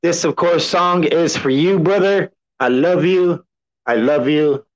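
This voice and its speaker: Relaxed, cussing man hosting a podcast. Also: on the high side, a little slow. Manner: relaxed, rambling, cusses a lot. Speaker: podcast host. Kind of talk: casual solo podcast talk. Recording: dull lo-fi sound.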